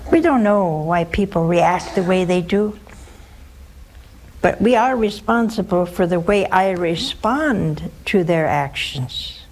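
Older nun telling stories plainly. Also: female voice, lowish voice, animated, slow pace, a little mellow. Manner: plain-spoken, storytelling, addresses listeners directly. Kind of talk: spiritual talk with personal stories.

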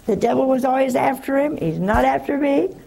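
A religious sister answering a caller on a call-in show, telling stories in a folksy, chuckling way. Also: female voice, high voice, fairly quick, gravelly, a crowd in the background. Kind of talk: call-in advice with storytelling.

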